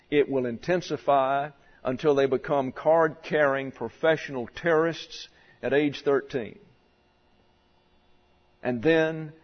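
A pastor preaching a doctrinal sermon in a church, deliberate and stressing key words as he works through numbered points. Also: mid-range voice. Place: church sanctuary. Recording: dull sound with long hall reverb.

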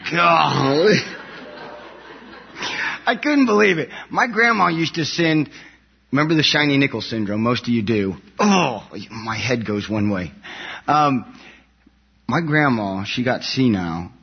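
A man with a husky, slightly breathy voice tells a story about coming home from war to a listening audience. He is animated and laughs often. The recording sounds a bit dull and muffled. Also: medium pitch, moderate pace. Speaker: soldier sharing his story.

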